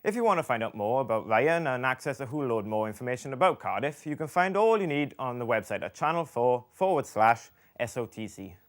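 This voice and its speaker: A man's voice: medium pitch, big pitch swings, fairly quick. Young male student presenter, casual, friendly questions. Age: young adult.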